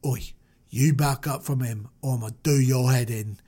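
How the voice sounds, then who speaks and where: A rough, slangy bad-boy prince who talks tough and low, as a man puts him on. He sounds like a brooding street tough, clipped and gruff. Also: fairly even intonation, moderate pace, dark tone, close to an everyday voice. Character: sulky streetwise young male prince, Cockney-style tough.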